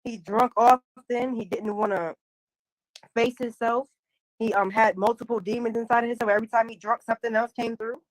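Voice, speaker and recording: A woman casually telling a long personal spiritual story, animated, full of slang and acted-out dialogue. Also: on the high side, moderate pace, no room sound, poor audio.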